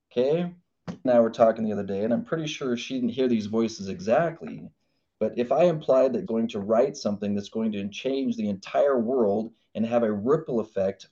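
An animated man from Idaho gives a motivational podcast talk, acting out voices, on a dull lo-fi recording. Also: mid-range voice. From Idaho, United States. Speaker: podcast host.

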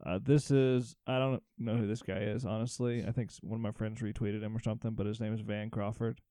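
Male co-host, easygoing chat, mellow tone, dry sound. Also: fairly low pitch, flat delivery, fairly quick, no echo. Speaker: podcast co-host. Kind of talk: casual chat.

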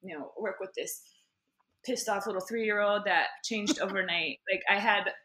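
A woman's voice: medium pitch, moderate pace, pushed and bright. A woman in her thirties chatting as a podcast guest, rambling and giggly with many fillers. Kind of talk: casual chat.

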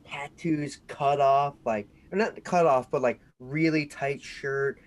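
A man's voice: fairly high pitch, takes it slowly. A young man co-hosting a podcast, telling a story in casual chat and acting out the people in it. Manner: animated storyteller, shouts out quoted voices. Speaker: podcast co-host.

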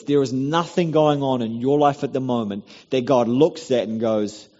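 A man preaching a sermon in a church, earnest and pleading, building to loud encouragement. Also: medium pitch, moderate pace, few pauses. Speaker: pastor. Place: church hall. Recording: dull recording in a reverberant hall.

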